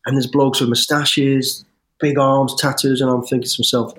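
A middle-aged man, an interview guest telling his life story in an animated, rambling way with restarts and swearing. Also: medium pitch, normal speed. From English West Midlands. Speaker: interview guest, former soldier. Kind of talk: storytelling in conversation.

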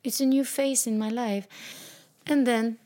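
A woman in her fifties giving a slow, reflective personal talk, speaking openly and emotionally. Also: a little high, steady tone, dark tone.

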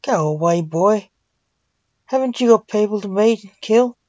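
Woman reading grumpy reaper dad who won't stop working, slow clipped lines, lo-fi. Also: mid-range voice, animated, dark tone. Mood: gruff. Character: stern overworked male Reaper father. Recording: dull dry lo-fi recording.

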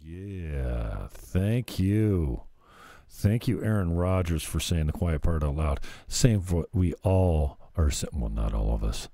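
A man with a deep, dark voice delivers sarcastic commentary over clips, jeering at what he plays. His pitch swoops up and down with lively emphasis, and the sound is close and dry. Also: takes it slowly, creaky, no room sound. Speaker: commentary host.

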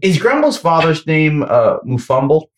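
Teasing, low-voiced woman player. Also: big pitch swings, moderate pace, reverberant. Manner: teasing and playful. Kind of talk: casual tabletop game chat.

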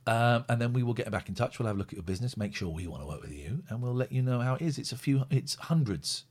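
A man's voice: mid-range voice, expressive, quick pace, darkish tone, husky. A man from the United Kingdom hosting a live stream show in casual, rambling, blunt chat. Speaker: show host.

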